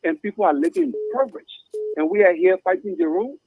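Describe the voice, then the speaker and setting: A man calling in to a talk show, making an animated, insistent complaint and repeating his point. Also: high voice, fast talker, slightly rough, no echo. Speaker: caller. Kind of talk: impassioned phone-in complaint. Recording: tinny phone line.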